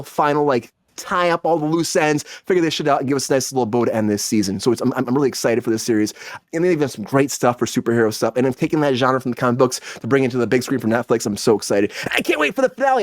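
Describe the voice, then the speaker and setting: Male podcast host, rapid-fire and profane, higher voice, dry close sound. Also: dry recording. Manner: excitable, profanity-heavy ranting. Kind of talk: casual pop-culture chat.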